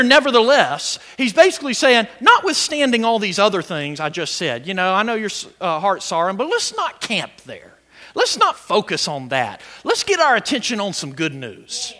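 A man preaching a sermon to his congregation, animated and building to shouts, with quick laughs and stammered restarts. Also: high-pitched. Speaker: pastor.

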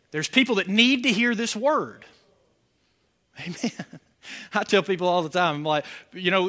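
A man's voice: sits high, sharp tone. A man preaching a sermon as pastor, asking the congregation questions and building to emphatic points. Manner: preaching with rising emphasis and call-and-response questions.

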